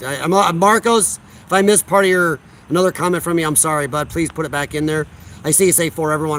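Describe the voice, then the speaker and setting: Male livestream host from Illinois, outdoors, blunt and sarcastic, a touch high-pitched. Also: a bit bright, a little hiss or hum. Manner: blunt, combative, sarcastic, chuckles while reading comments. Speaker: livestream host reading chat. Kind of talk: casual livestream chat. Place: outdoors on a deck.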